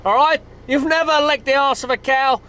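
A man's voice: very high voice, normal speed, bright, forceful tone. A man playing a crude, foul-mouthed Australian woman who bullies her boyfriend, in a swearing, domineering comedy-sketch manner. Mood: bossy. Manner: swears constantly, brash and domineering.

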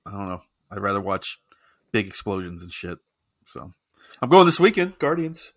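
Man, podcast co-host, casual chat, loose and profane, low bright voice. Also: sing-song, normal speed. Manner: loose, laughing, swears casually.

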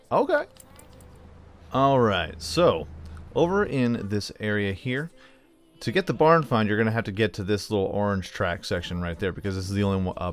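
Man, gaming commentary, excitable and jokey, lowish voice, game music behind. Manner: excitable, jokey, loud sign-off. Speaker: gaming channel host. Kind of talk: let's play commentary.

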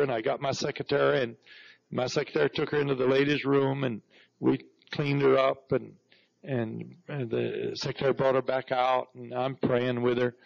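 Fervent storytelling preacher, lo-fi church tape. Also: male voice, medium pitch, creaky. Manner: storytelling preacher, repeats "Praise God" with rising fervor. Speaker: pastor. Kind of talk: sermon. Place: church sanctuary. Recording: dull lo-fi 1991 church recording.

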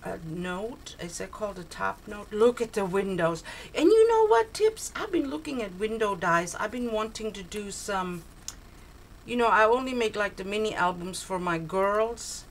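A woman's voice: mid-range voice, normal speed, slight background noise, poor audio. An older woman opening a craft swap package on her video blog, gushing and exclaiming over each tiny item. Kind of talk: casual unboxing chat. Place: cold home, heater on.

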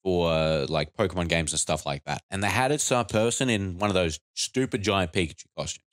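Low-voiced guy telling crude stories. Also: fairly quick, dry recording, clean studio sound. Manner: storytelling, crude jokes. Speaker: podcast co-host. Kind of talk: casual chat.

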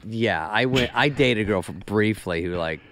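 A middle-aged male comedian telling anecdotes in a radio interview, deadpan and acting out what people said. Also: lowish voice, normal speed, slight background noise. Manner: deadpan storytelling, acts out quotes. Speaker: comedian guest.

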